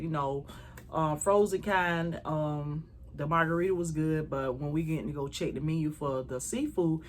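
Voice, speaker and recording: A woman telling a travel story to her viewers in a casual, animated way, swearing freely. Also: sits low, slight background noise.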